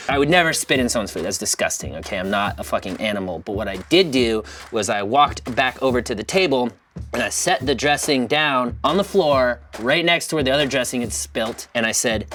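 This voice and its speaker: A male comedian telling a story with crude, animated delivery and lots of profanity. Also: medium pitch, a little fast, distant mic, a little hiss or hum. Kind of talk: stand-up storytelling.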